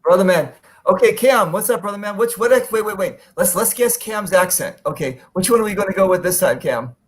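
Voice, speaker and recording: A man's voice: high-pitched, lively intonation, fairly quick. A male host running a casual, joking chat with enthusiastic praise. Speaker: podcast host. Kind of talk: casual video-call chat.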